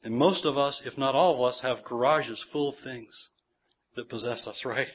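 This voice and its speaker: A man's voice: medium pitch, moderate pace, fairly bright tone. A man in his forties preaching a sermon, earnest, repeating phrases for emphasis and checking in with listeners. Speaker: pastor.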